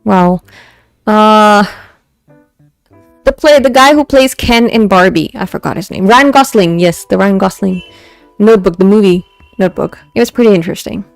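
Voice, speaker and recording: A young VTuber with an Indian English accent chats live about fan poetry, mixing English with Hindi and often restarting her sentences. Her medium-pitched voice has vocal fry and a moderate pace with frequent pauses, with no room sound and faint music behind.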